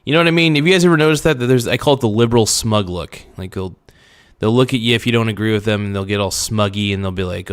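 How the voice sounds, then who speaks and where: A man's voice: on the low side, quick pace, smooth. A young man hosting a livestream, ranting bluntly and profanely to his chat with frequent restarts. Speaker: livestream host. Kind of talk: casual livestream rant.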